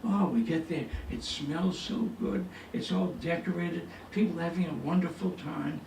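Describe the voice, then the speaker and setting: Man, comic storyteller, folksy, rough gravelly tone, echoey hall, heard from afar. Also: fairly high pitch, normal speed, darkish tone. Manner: folksy, chatty, with a punchline delivery. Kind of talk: stand-up storytelling. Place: senior center hall with a tall ceiling. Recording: echoey hall, distant mic, faint noise.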